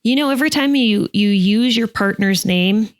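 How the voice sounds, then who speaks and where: A woman's voice: medium pitch, normal speed. A middle-aged woman co-hosting a therapy podcast, chatting casually and thinking aloud. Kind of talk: casual chat.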